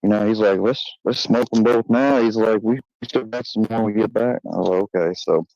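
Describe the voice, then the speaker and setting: A man's voice: fairly low pitch, brisk, a little mellow, no echo. A man casually telling a personal story, rambling with fillers, restarts and slang. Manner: swearing, slangy. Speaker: channel host. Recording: dull lo-fi sound.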